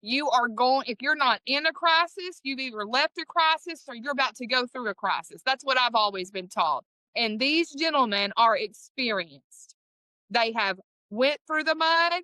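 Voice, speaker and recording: A woman's voice: sits high, expressive, normal speed, bright, forceful tone, no room sound, rough recording. A woman with an East Texas Southern accent hosting a podcast in a folksy, upbeat way, often restarting her sentences. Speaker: podcast host.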